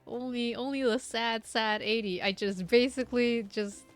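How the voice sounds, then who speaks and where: A woman's voice: on the high side, fairly even intonation, normal speed, soft background music. A young woman streaming a game, chatting casually with giggly, self-mocking asides. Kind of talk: casual gaming commentary.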